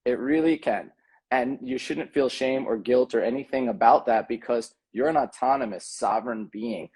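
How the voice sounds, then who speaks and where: Appearing as a podcast guest, this tantra coach speaks casually but earnestly, thinking aloud and frequently stopping to restart or say um. His husky voice is medium in pitch and slightly mellow, moving at a normal speed.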